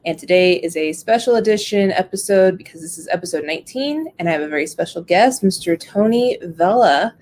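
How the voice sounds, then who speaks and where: A woman hosting her own podcast, animated and candid, telling personal stories and swearing freely. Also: on the low side, a little fast, hardly any pauses, a little hiss or hum. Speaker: podcast host. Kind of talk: casual podcast monologue.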